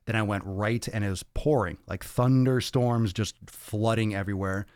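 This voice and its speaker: A male podcast host, out of breath, chatting casually on a livestream and reading viewer comments in an energetic, profane, rambling way into a podcast mic. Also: lowish voice, normal speed, dry recording, clean studio sound. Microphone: podcast microphone.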